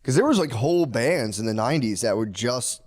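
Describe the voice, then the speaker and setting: A man in loose, rambling podcast chat, swearing freely and breaking into laughter. His voice sits at an ordinary middle pitch. The sound is dry and close, with no room in it. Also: lively intonation, brisk, darkish tone, no room sound. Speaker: podcast co-host. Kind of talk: casual podcast banter.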